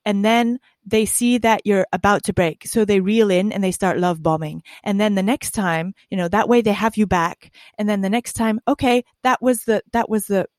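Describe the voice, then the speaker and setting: Halting woman podcast host, dry sound. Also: mid-range voice, fairly even intonation, a little mellow, no echo. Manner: halting, many restarts, emphatic. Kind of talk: candid conversation.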